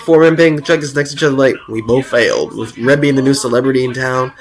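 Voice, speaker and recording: A young man giving casual tier-list commentary as host, excited and rambling, with many restarts and slang. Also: medium pitch, fast. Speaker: video host ranking cartoon episodes.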